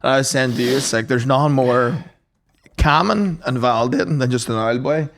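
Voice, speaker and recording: A man's voice: mid-range voice, fairly quick, vocal fry, fairly bright tone. A young Northern Irish man co-hosting a podcast, bantering easily and telling chatty anecdotes. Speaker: podcast co-host. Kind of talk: casual chat.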